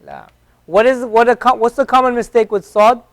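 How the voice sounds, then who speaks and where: At a moderate pace and with a very high-pitched voice, a man teaches Arabic in a classroom at an Islamic center. He patiently repeats each letter's sound to show its pronunciation.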